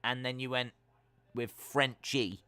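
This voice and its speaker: British man, stream host, jokey chat, bright tone, dry sound. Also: medium pitch, slow, smooth, dry recording. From United Kingdom. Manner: jokey, teasing, deadpan banter. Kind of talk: casual chat reading viewer comments.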